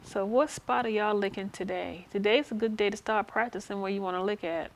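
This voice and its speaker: Frank chatty woman with gravelly voice. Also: medium pitch, fairly even intonation, a little fast. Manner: frank, chatty, answers chat questions aloud. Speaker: host. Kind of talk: casual live-stream chat.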